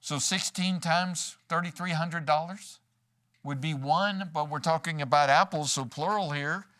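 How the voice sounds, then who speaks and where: A man's voice: on the high side, measured pace, fairly bright tone. A man preaching a sermon in a church, folksy and joking, acting out quoted lines as he goes. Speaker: pastor. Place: church sanctuary.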